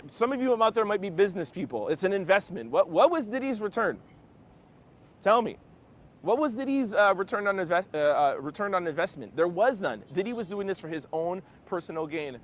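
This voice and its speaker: High-pitched excitable man on the street. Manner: excitable, keeps saying "yo". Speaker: commentator. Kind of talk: casual commentary.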